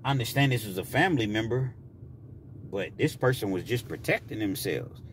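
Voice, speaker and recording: A man tells a personal story in a vlog, speaking freely and animatedly, a little fast, with frequent restarts. He jumps into loud, high voices to act out what people said, and there's a little hiss or hum.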